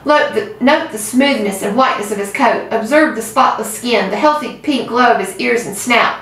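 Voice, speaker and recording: A woman's voice: on the high side, moderate pace, a bit bright. A woman reading aloud voices a grand, formal male fair announcer making a pompous speech. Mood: grandiose. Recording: roomy, far from mic.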